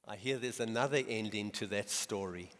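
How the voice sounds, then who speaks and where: A man preaching a sermon, telling stories in a slow, measured way with quiet dramatic pauses. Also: lowish voice. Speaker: guest preacher. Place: church. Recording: long church hall reverb.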